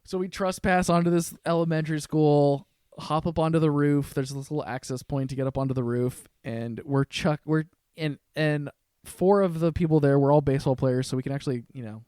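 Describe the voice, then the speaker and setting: Animated man telling a story, dry sound. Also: fairly high pitch, brisk, clear, resonant tone, no echo. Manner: animated, swearing, acts out quoted lines. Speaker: podcast guest. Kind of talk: casual storytelling chat.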